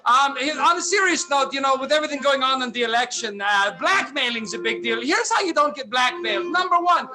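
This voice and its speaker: A man with a French accent doing stand-up one-liners and puns, loudly shouting his punchlines. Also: very high voice, fairly quick, few pauses. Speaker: stand-up comedian. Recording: loud accordion music behind.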